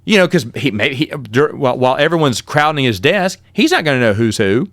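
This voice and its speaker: Recalling college in a casual storytelling monologue, a middle-aged podcast host talks fairly quickly in a mid-range voice. He rambles with animation and corrects himself mid-sentence often, and there's no room sound.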